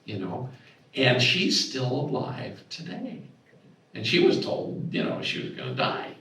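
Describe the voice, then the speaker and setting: A middle-aged man tells a long anecdote to a conference audience, shifting into loud, animated voices for the people in his story. He is recorded from a distance in a very echoey hall, with his voice at a middle pitch. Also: measured pace. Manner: animated anecdote-telling, acts out dialogue with raised voice. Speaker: speaker at a symposium. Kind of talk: storytelling talk. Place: hotel conference room.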